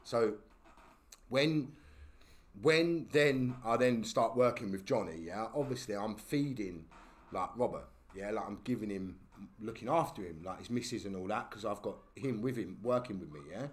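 A man's voice: on the low side, moderate pace. A man with a London accent telling a story as a podcast guest, in slangy casual talk that keeps checking in with "yeah?". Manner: slangy, tags lines with "yeah?".

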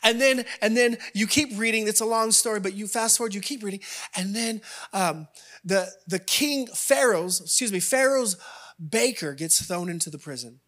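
A man preaching a sermon, telling a story in an animated way with playful asides to the congregation. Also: sits high, normal speed. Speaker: pastor.

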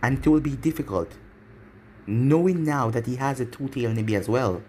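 A man voicing a scheming masked male villain who talks low and calculating. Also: moderate pace, darkish tone, slight background noise, natural voice.

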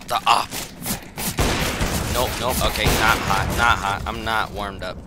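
Sitting indoors at his computer at home, a young man plays a shooter and makes excitable, jokey commentary for YouTube, yelping and laughing frequently. He speaks on the low side at normal speed over the sound of in-game gunfire.

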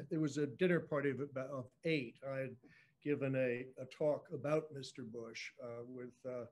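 A man in his sixties, a guest telling a story with dry, self-mocking humor, halting often with fillers and restarts. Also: medium pitch, steady tone, a little mellow. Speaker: guest storyteller, former speechwriter. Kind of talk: anecdotal storytelling on a virtual book event.

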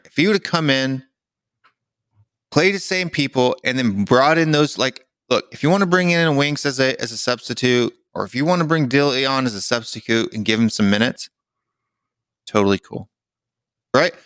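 A young man co-hosting a podcast, rambling and exasperated, with lots of fillers. His voice sits at an ordinary middle pitch. The sound is close and dry, with no room around it. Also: lively intonation, a little fast, a bit bright, no echo. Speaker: podcast co-host. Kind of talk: casual chat.

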